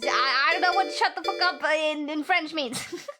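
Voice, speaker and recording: A woman's voice: high voice, moderate pace, over music. A woman streaming a game, reading the story text aloud and joking playfully with chat, often giggling.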